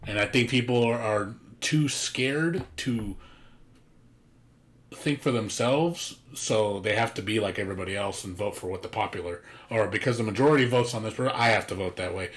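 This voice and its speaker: A man's voice: on the low side, moderate pace, a bit bright. A man streaming a game, chatting casually with a blunt, profane, ranting manner. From United States. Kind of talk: casual chat.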